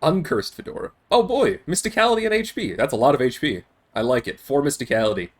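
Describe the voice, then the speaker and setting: A man's voice: medium pitch, big pitch swings, quick pace. A man streaming a game, reading its text aloud and commenting with amusement.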